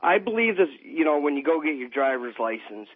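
A man's voice: a little high, very animated, brisk, a little hiss or hum. A man calling a radio show, hesitant and restarting his sentences. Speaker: caller. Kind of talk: phone call to talk radio. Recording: tinny phone line.

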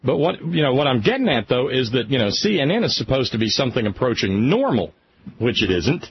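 A man hosting a radio talk show with a lively, rising and falling voice. He speaks with passion and keeps stumbling and restarting his sentences. The sound is muffled and lo-fi, like an old radio broadcast. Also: mid-range voice, a little fast, slight background noise. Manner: impassioned, stammering restarts.

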